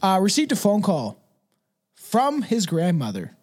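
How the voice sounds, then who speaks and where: Male podcast co-host, thirties, rambling casual storyteller, laughs and swears a lot. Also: unhurried. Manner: rambling, laughing, swearing, lively pitch swings. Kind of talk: casual chat.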